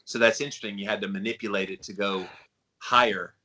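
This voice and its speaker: A man with a baritone voice hosting a podcast interview, chatty and rambling. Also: steady tone, fast, bright, forceful tone. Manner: chatty, rambling, with frequent fillers. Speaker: podcast host.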